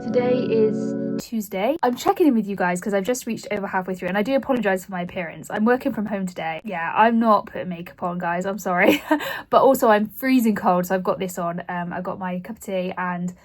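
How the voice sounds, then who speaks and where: A woman's voice: medium pitch, fairly quick, soft background music. A woman in her late twenties talks casually to camera as a book vlogger, rambling and poking fun at herself. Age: 20s. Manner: rambling, self-deprecating, chatty.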